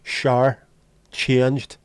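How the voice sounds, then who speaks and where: A man's voice: mid-range voice, monotone, drawn-out words, smooth, no room sound. A man with a Liverpool accent hosting a casual livestream, bantering bluntly and swearing as he chats with viewers. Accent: Liverpool (Scouse). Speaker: livestream host. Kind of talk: casual live-stream chat.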